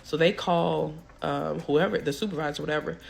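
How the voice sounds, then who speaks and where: A woman's voice: low-pitched, moderate pace, gravelly. A young woman, telling a story casually and acting out the people she quotes.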